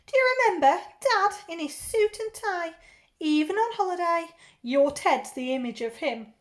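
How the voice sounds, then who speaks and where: A woman's voice: very high-pitched, expressive, normal speed, voice pushed up. Woman putting on a gushing auntie. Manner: effusive, overfamiliar. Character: loud gushing middle-aged aunt from the north.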